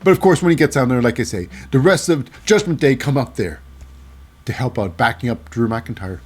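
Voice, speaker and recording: A man's voice: mid-range voice, lively intonation, a little fast, breathy edge. A man hosting a casual wrestling show recap, rambling with lots of fillers and hyping things up with "baby".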